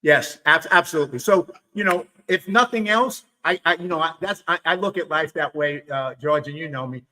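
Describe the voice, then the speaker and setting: A man from New York hosting a webinar, telling stories in a casual, animated way with frequent restarts and "you know.". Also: a little high, fairly quick, rough recording. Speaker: webinar host. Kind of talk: casual storytelling chat.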